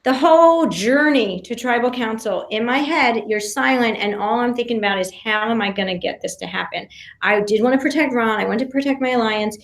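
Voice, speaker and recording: Female guest, high voice, animated storyteller who acts out quotes, roomy echo. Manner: talks fast with many restarts and fillers, acts out quotes. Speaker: podcast guest, reality show contestant.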